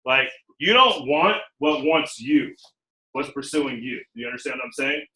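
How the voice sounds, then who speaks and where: A man training a small group of recruiters. He talks in a lively, animated way, acts out quotes and keeps checking in with "okay?" He has a bright, forceful voice at a middle pitch, and he is speaking to people in a meeting room. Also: a little slow, poor audio.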